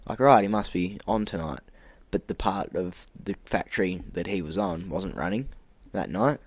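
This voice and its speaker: Young aussie man telling a story, lowish voice. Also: normal speed, husky, no echo. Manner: animated, acts out quotes, laughs often. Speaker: podcast co-host. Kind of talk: casual storytelling.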